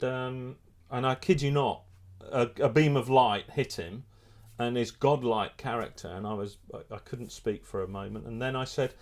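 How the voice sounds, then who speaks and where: Animated man telling a story. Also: medium pitch. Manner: animated storyteller, many restarts. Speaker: photographer and filmmaker. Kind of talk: casual anecdote in an interview.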